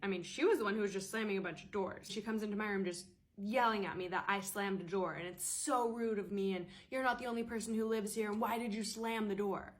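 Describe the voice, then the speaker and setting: Exasperated woman telling a story. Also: medium pitch. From United States. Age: late 20s. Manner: animated, exasperated, quick retelling. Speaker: storyteller vlogger. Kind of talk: casual storytime.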